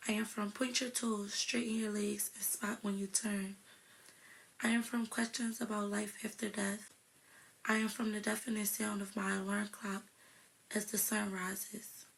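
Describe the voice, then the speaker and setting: Philly teen girl reading her poem, soft and breathy, flat gravelly tone. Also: mid-range voice, poor audio. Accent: Philadelphia. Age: teens. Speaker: high school senior reading her own poem. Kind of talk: soft, close poetry reading.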